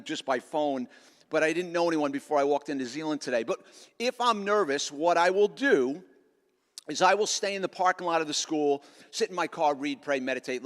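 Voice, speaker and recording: A man's voice: on the high side, a bit bright. A middle-aged man giving a joking, sarcastic motivational talk to students at a school assembly. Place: large school auditorium. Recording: echoey auditorium.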